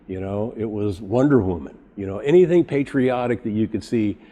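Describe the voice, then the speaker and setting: A man's voice: on the low side, moderate pace. A middle-aged man, a custom bike builder, telling a long story in casual podcast talk and acting out the voices of the people in it. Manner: animated storyteller acting out quoted dialogue.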